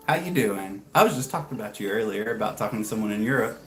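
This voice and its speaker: A man's voice: on the low side, expressive, fast talker, a bit bright, echoey room, a little hiss or hum, poor audio. A man in his thirties from the United States, chatting casually with viewers on a livestream and greeting them by name. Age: 30s. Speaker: livestream host. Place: home garage.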